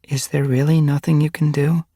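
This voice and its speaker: A man voicing a gentle, hopeful young female warrior cat in a storybook reading, speaking softly in a raised voice. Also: little pitch movement, moderate pace, no echo, studio quality. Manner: soft, hopeful and raised in pitch.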